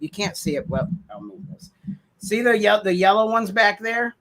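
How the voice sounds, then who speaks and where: A man's voice: sits high, animated, normal speed, a bit bright. A man co-hosting a casual video podcast who talks eagerly and rambles, restarting sentences as he explains things. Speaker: podcast co-host. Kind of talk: casual chat.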